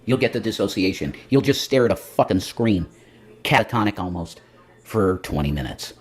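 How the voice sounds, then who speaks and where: A man's voice: lowish voice, expressive, normal speed. A man hosting a livestream, rambling casually with lots of profanity and self-mockery. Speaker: livestream host.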